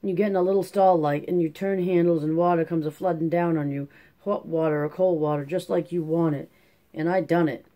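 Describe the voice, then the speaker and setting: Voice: mid-range voice, steady tone, brisk, warm tone, close to an everyday voice. Narrator voicing gushing young Rose of Sharon. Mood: excited. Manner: gushing, breathless country talk. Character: Rose of Sharon, an excited young pregnant woman.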